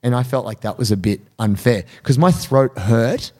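A man co-hosting a podcast, telling a story in casual chat and acting out quotes in a higher voice. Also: normal speed. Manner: animated, acts out quotes in high voices. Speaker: podcast co-host.

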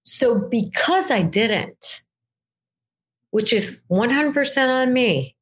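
An older woman speaking as a weight-loss coach in a solo mindset talk, conversational and animated, often checking in with the listener by asking "right?". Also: on the high side, takes it slowly.

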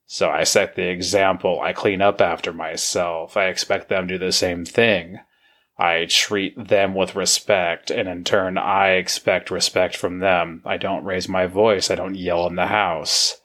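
Guy in his 30s with a really deep voice, laid back podcast chat, says uh and you know a lot. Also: measured pace. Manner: plain-spoken, relaxed, with many fillers. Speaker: podcast host. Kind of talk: casual recovery podcast talk.

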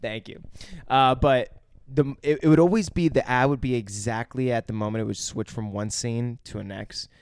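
A man's voice: mid-range voice, fairly even intonation, normal speed, smooth, no echo. A man co-hosting a podcast, talking through a movie in laid-back, rambling chat and swearing freely. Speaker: podcast co-host. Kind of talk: casual movie review chat.

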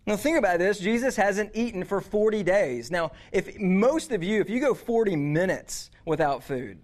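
A man's voice: sits high, lively intonation, normal speed, few pauses. A man giving a youth sermon, casual and conversational, with frequent restarts and slang. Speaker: youth pastor.

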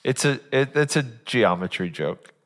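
A man's voice: medium pitch, animated, a little slow, fairly bright tone. A man co-hosting a podcast, explaining things in a dry, matter-of-fact way. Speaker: podcast co-host. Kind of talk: casual chat.

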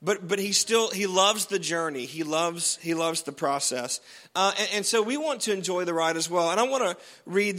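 A man's voice: sits high, pushed and bright, big-room sound. A man preaching a sermon as pastor, chatty and jokey, often restarting his sentences.

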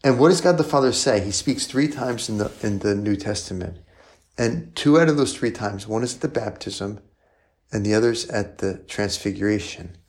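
A man's voice: lowish voice, moderate pace. A male priest preaching in a conversational style, often asking rhetorical questions and adding "right?". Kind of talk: sermon.

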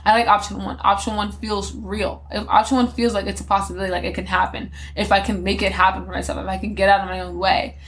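A woman's voice: medium pitch, level tone, fast talker, hardly any pauses, a bit bright. Woman, twenties, podcast host, solo monologue, candid, rambling, fillers and restarts.

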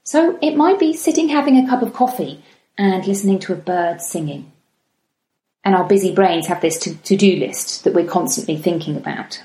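A woman's voice: fairly low pitch, expressive. Woman musing in an echoey room. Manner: gentle, chatty, slows down for emphasis. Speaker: podcast host. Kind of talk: reflective solo talk.

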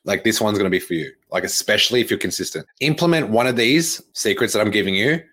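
A man's voice: lowish voice, lively intonation, fast talker, a bit bright. Blunt, swearing fitness coach man. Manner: blunt, repetitive, swears, many fillers. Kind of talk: live-streamed coaching podcast.

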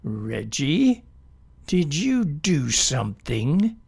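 Guy doing a stern mom-ish snail, demanding, kinda gravelly. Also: a little high, big pitch swings, drawn-out words, full character voice. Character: stern motherly female snail, in charge.

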